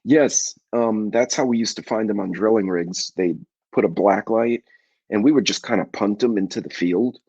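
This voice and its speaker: A middle-aged man hosting a casual live chat with viewers, telling rambling folksy stories and clearing his congested throat often. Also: on the low side, moderate pace, a little mellow, no room sound, muffled recording. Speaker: livestream host.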